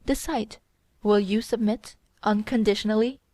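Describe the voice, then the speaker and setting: A woman's voice: medium pitch, steady tone, moderate pace, mellow, dry recording, close to an everyday voice. A woman voicing a cold, contemptuous young woman in an audiobook, speaking in a commanding way. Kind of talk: audiobook character reading.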